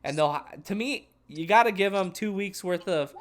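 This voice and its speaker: A man's voice: sits high, moderate pace. A young man co-hosting a casual sports chat, rambling and restarting his thoughts mid-sentence. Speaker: podcast co-host.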